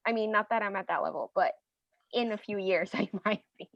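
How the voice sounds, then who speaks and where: A woman asks a question in a writing class, hesitant and leaning on "like" as she thinks. Her voice has a gravelly fry, and the recording is dry and a little muffled. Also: mid-range voice, fairly quick, no echo. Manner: hesitant, uses "like" often. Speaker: workshop participant.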